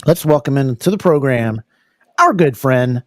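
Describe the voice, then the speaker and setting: An American man hosting a live podcast, energetic and full of fillers, repeating words as he goes. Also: mid-range voice, normal speed, noisy background. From United States. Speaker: podcast host. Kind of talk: casual live podcast chat.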